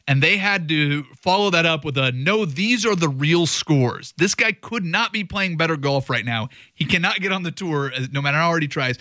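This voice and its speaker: A man co-hosting a casual chat in a wry, joking way, rushing through his asides. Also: a little high, sharp tone, no room sound, studio quality. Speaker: co-host.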